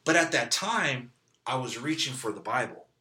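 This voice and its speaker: A man's voice: mid-range voice, very animated, normal speed, sharp tone. A man from California telling his story as an interview guest, candid and conversational, peppered with "like" and "you know.". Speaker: interview guest sharing testimony. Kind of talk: casual storytelling.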